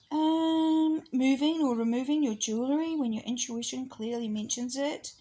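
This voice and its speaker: A woman giving a rambling, chatty spiritual talk, with laughs and soft asides. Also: a little high, slight background noise, rough recording. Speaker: astrology presenter.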